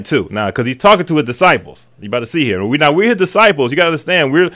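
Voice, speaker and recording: A male radio host teaching the Bible in an excitable, casual preaching style, breaking into hallelujahs and everyday slang. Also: on the high side, fast talker. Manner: excitable, exclaims hallelujah, talks back to the text; casual and colloquial, drops into vernacular.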